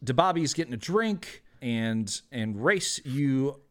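A man's voice: medium pitch, animated, takes it slowly, fairly bright tone. A man narrating as game master of a tabletop game, hesitant, with many fillers.

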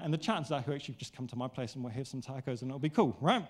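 A male pastor preaching a sermon in a casual, conversational, animated way, acting out quotes. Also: fairly high pitch, fast, hardly any pauses.

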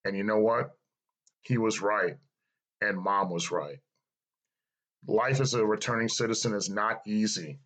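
A man's voice: on the low side, unhurried, pauses often, fairly bright tone, rough recording. A middle-aged man giving an earnest, reflective personal testimony and repeating phrases for emphasis. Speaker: speaker sharing his life story.

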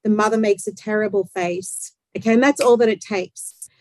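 A woman explaining psychology in conversation, talking fast and acting out little quotes. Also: mid-range voice, fairly even intonation, darkish tone, dry recording, poor audio.

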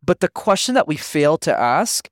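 A man's voice: a little high, normal speed, no echo, studio quality. A man speaking as a guest on a podcast interview, coaching with energy and acting out little dialogues. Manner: energetic, animated, acts out quotes.

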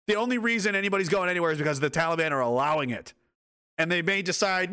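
A man's voice: high voice, lively intonation, quick pace, bright, forceful tone, clean tone. A man reacting to news reports and photos in a sarcastic, angry, heavily profane rant. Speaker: commentator.

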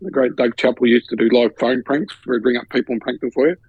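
A man's voice: mid-range voice, fast, breathy edge, no room sound, dull audio. An Australian man co-hosting a podcast, telling a story in casual chat and acting out the voices of the people in it with laughter. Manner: animated, acts out quoted voices with laughter. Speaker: podcast co-host.

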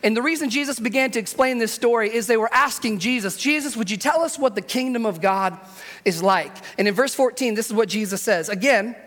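A man's voice: very high-pitched, fairly quick, fairly bright tone. A man preaching a sermon as pastor, telling humorous stories energetically and leading the congregation in call-and-response. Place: church auditorium. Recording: long hall reverb.

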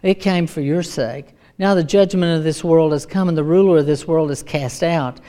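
A woman voicing Jesus as a troubled, burdened man, speaking softly and subdued. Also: deep voice, moderate pace, pitched below the performer's own voice, close to an everyday voice.

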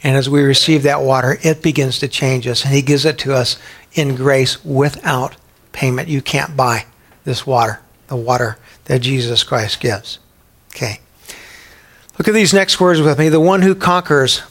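A man preaching a sermon in an animated way, acting out the voices he quotes. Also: mid-range voice, normal speed. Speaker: pastor.

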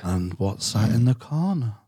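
A man voicing a soothing bedtime storyteller in a whispered role-play, slow, hushed and drawn out. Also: lowish voice, sing-song, slightly rough, no echo, clean studio sound.

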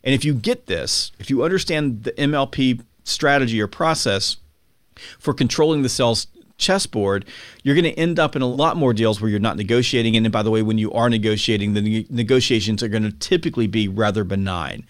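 Man, podcast guest, emphatic, energetic, mid-pitched, dry close sound. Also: brisk, no room sound. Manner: emphatic, energetic, acts out buyers and sellers in quotes. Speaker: podcast guest, sales author. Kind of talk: conversational explaining.

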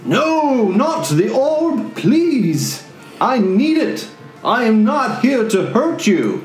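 A man's voice: very high voice, sing-song, drawn-out words, roomy sound, soft background music, pitched above the performer's own voice, full character voice. A man voicing a proud, polite male wizard who speaks formally and pleads. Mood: pleading.

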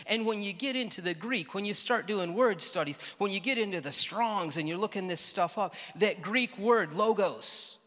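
A man preaching a sermon as pastor, conversational, with dramatic pauses, acting out the lines of the people in the story. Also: high voice, pushed and bright. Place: church sanctuary. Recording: reverberant church hall.

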